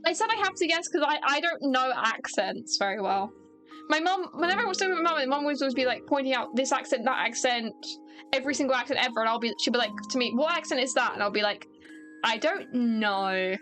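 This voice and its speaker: Brief: high, chatty streamer, self-mocking, light game music behind. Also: animated, fast, pushed and bright. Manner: rambling, joking, self-deprecating. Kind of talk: casual gameplay commentary, reading dialogue aloud.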